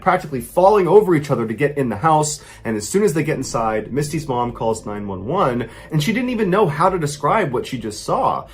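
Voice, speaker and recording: Dramatic male storyteller, very lively pitch. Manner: dramatic, swings from hushed to excited. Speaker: storyteller host. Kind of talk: true scary story narration.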